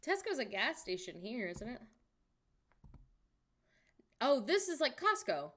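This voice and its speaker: A woman streaming, chatting casually and reacting wryly out loud to what she finds while browsing online. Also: a little high, very animated, unhurried, slight background noise.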